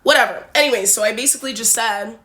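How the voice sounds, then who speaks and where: A woman's voice: a little high, fast talker, bright, forceful tone. A young woman from Canada telling a casual dating storytime, blunt and forward, with lots of fillers. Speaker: vlogger.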